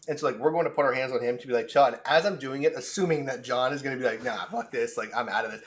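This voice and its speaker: Fast-talking young man telling a story. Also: mid-range voice, a little hiss or hum. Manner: animated, profane storyteller, many "like" fillers. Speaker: podcast co-host. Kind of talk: casual sports chat and storytelling.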